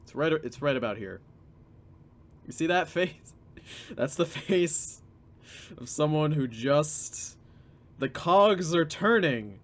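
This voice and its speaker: A man's voice: on the high side, animated, slow pace, pauses often, a bit bright. A man hosting a reaction commentary, sardonic and drawing out his points. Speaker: commentary host.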